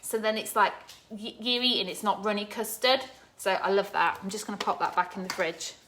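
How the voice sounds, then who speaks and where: A woman's voice: medium pitch, a little fast, a bit bright, a little hiss or hum. A woman hosting a live cooking stream from her home kitchen, talking casually and greeting viewers by name. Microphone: phone camera propped on the counter.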